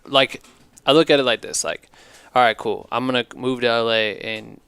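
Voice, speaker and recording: A man hosting a podcast in relaxed, slangy casual chat. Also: mid-range voice, moderate pace, creaky, clear, resonant tone, dry recording. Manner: relaxed, slangy, backchannels a lot. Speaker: podcast host.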